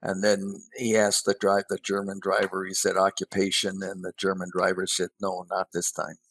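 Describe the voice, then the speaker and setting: A man's voice: low-pitched, completely flat delivery, moderate pace, a bit bright, no room sound, rough recording. An older man who is a guest columnist, chatting casually and telling a joke at an easygoing pace. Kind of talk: casual chat.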